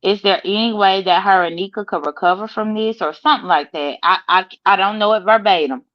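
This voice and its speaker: A woman's voice: medium pitch, a little fast, no room sound, dull audio. A woman co-hosting a casual online chat, talking emphatically and swearing freely. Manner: emphatic and profane.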